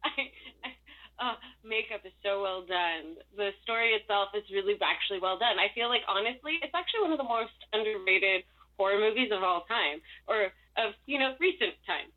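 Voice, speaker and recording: A woman's voice: medium pitch, expressive, a little fast. A young woman from Southern California, the guest in a casual interview, rambling, swearing and laughing often. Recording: tinny phone-like line.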